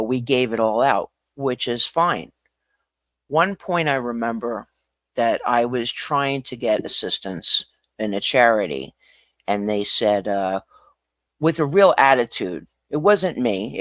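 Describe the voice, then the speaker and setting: A man hosting a livestream, talking casually in an animated, ranting way that swings from quiet to loud. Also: medium pitch, dry recording, studio quality. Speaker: livestream host.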